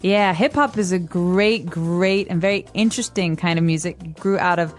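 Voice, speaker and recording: A woman's voice: on the low side, moderate pace, faint music behind. A woman from the United States co-hosting an English-learning podcast, explaining words with examples in casual chat. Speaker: podcast co-host, English teacher.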